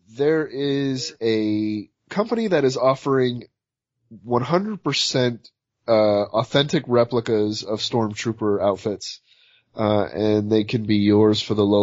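A man's voice: on the low side, a little mellow, dry recording. A man co-hosting a podcast, rambling casually through news items with many fillers. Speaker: podcast co-host. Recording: slightly muffled dry sound.

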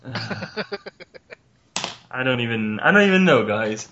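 A man's voice: medium pitch, very animated, fairly bright tone, slight background noise. A man hosting a casual podcast chat with friends over a call, joking and teasing with mock exasperation. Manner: joking, exasperated, quick to laugh. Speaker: podcast host. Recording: muffled lo-fi call audio.

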